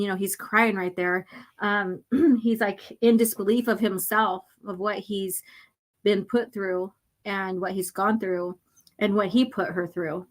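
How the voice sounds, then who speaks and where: A woman hosting a casual livestream and reading a comic aloud, rambling with many fillers and often clearing her irritated throat. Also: mid-range voice, fairly bright tone.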